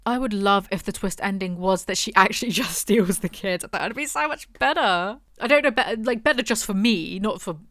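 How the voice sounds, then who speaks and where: A woman's voice: medium pitch, brisk, few pauses, fairly bright tone, no echo, studio quality. A British woman giving a casual book review from a hotel room, chatty and rambling, with sarcastic asides.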